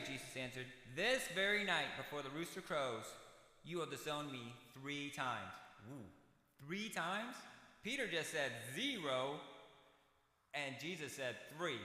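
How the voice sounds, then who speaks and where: A bright, forceful American man delivers a church sermon, moving between scripture reading and folksy, chatty asides. His slightly high voice rings out through a roomy church hall with a long reverb. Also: lively intonation, unhurried. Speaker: preacher. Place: church sanctuary.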